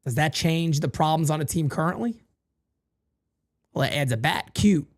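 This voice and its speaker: Male sports-talk host with a high, lively voice. Emphatic and repetitive, with wide swings in pitch. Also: moderate pace. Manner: animated and emphatic, repeats phrases. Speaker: podcast host.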